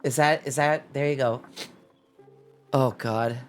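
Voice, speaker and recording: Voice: medium pitch, steady tone, slow, faint music behind. A streamer with a stuffy nose chatting casually with viewers late at night, playful and teasing, laughing often. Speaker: Twitch streamer.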